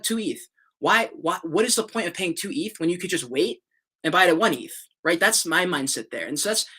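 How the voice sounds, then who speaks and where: A man in a studio, talking fast in a loose, rambling vlog rant. His voice sits a bit high and sounds bright and forceful, and he swears casually and restarts his sentences as he goes. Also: breathy edge. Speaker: crypto and NFT YouTuber.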